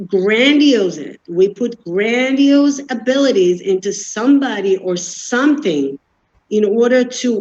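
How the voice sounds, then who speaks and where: A woman's voice: fairly high pitch, darkish tone. A woman giving an earnest explanatory talk, walking through everyday examples without judging anyone. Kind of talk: explanatory talk on defense mechanisms. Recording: dull lo-fi recording.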